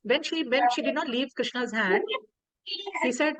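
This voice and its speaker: Indian woman storyteller, animated, repeats herself, fairly high voice, dry call audio. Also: normal speed, long pauses, dry recording, low-quality recording. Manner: animated, repeats words while telling. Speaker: devotional storyteller. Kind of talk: online class storytelling. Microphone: video call.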